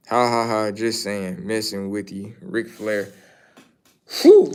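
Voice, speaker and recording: A man hosting a casual livestream, answering chat questions in a rambling, opinionated way and repeating his points. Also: a little high. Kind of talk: casual wrestling commentary.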